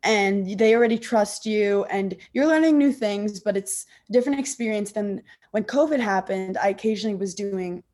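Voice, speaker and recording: Calm-voiced sarcastic woman comedian. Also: mid-range voice, normal speed, hardly any pauses. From New York. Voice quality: calm, soothing. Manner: sarcastic, self-deprecating, laughs. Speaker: comedian guest. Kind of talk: casual interview chat. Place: apartment couch.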